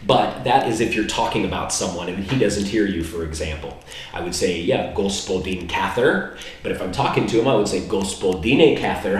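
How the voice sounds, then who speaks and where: A man from the United States giving a casual, rambling vlog lesson on basic phrases, slowing down to spell out foreign words. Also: low voice, a little mellow. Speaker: language learner teaching basic phrases. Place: indoor room in Serbia. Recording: very echoey room, mic far off.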